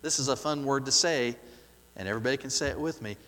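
A man preaching a sermon, asking the congregation rhetorical questions and repeating key words for emphasis, swinging from loud to soft. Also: mid-range voice, fast talker, in a large hall. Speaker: pastor.

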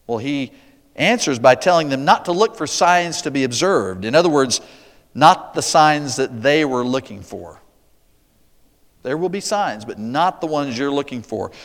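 A man preaching a sermon, verse by verse, with emphatic rises and quiet asides. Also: medium pitch, big-room sound. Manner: emphatic, swings from loud declarations to quiet asides. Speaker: pastor.

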